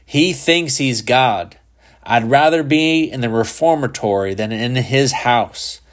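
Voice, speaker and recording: A defiant delinquent boy snarls and hisses his accusations, slow and venomous, pitched well above the reader's low voice, as a man puts him on. He sounds like a storybook troublemaker with a bitter grudge. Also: fairly bright tone.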